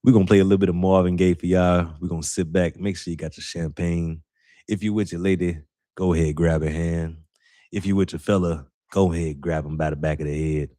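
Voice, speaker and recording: A man doing a deep late-night radio DJ. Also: steady tone, a little fast, mellow, dry recording, clean studio sound, close to an everyday voice. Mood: smooth. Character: smooth late-night male radio DJ, slow and seductive.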